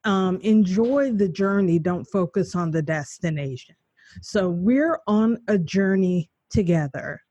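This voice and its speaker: A woman hosting a faith interview show, relaxed and conversational, laughing easily. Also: on the low side, a little slow, no room sound. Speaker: host. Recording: dull lo-fi sound, dry.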